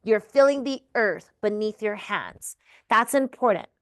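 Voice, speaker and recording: A woman yoga therapy instructor guiding breathing exercises in a calm, encouraging way, often checking in with the listener. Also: medium pitch, measured pace.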